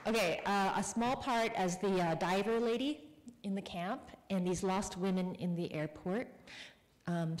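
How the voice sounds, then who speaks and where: A woman author casting audience volunteers for a live reading, friendly and quick to laugh. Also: lowish voice, a little mellow. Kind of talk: casual talk to a live audience. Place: public library event room. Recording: long hall reverb.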